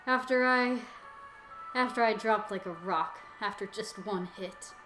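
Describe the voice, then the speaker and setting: A woman reading the lines of an earnest, self-doubting young male hunter from a game, in a soft, hesitant way. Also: medium pitch, a little slow, natural voice. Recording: echoey room with game music.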